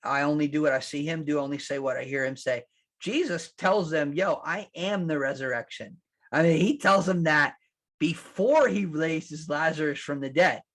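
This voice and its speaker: A man preaching a sermon as pastor, conversational and animated, acting out quotes and restarting his sentences. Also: fairly high pitch, normal speed. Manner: animated, acts out quotes, laughs at his own lines.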